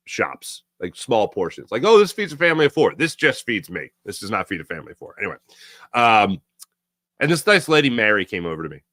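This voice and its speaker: A man's voice: fairly low pitch, a bit bright, dry recording. A man hosting a sports talk show, rambling in a casual monologue and laughing often.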